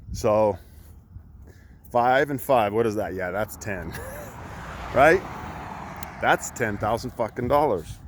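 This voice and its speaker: A man's voice: mid-range voice, fairly bright tone, a little hiss or hum. A middle-aged man, a coach, telling a heated story in blunt, profane talk while out on a walk. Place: outdoors by a road.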